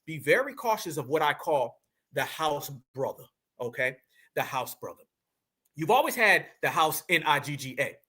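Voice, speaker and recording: High, bright-voiced man ranting to viewers. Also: big pitch swings, normal speed, breathy edge. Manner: emphatic, preachy, slang-heavy, addresses audience as family. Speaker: commentary host. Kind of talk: reaction commentary to clips.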